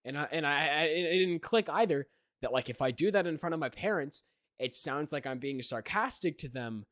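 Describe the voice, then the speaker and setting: A man's voice: fairly high pitch, lively intonation, fairly quick, a bit bright, no echo. A young man co-hosting a podcast, chatting casually and rambling, with many restarts and "right?" tags. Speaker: podcast co-host. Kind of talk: casual chat.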